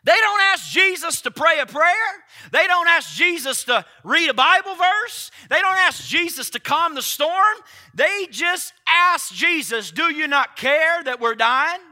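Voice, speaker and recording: High, bright-voiced male preacher. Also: lively intonation, a little slow. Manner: emphatic preaching, rhetorical questions to the congregation. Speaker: pastor. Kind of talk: sermon.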